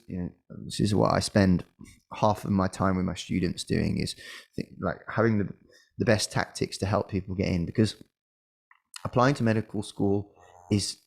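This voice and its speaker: This middle-aged man's low voice is gravelly with a darkish tone as he gives casual advice as a medical school admissions coach. Hesitant and conversational, he often restarts and uses fillers, and an occasional cough shows he's slightly unwell.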